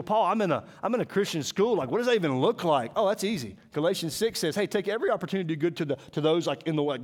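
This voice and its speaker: A man preaching to a school, telling folksy stories, acting out voices and dropping to a hushed, intense tone. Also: medium pitch. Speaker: school chapel speaker. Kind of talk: sermon.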